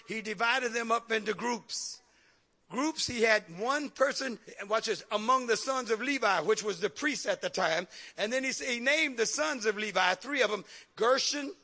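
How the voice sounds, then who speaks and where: A man preaching a radio sermon, calling for amens and building to a loud, fervent pitch. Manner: preaching with call-and-response, rising to shouts. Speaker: pastor.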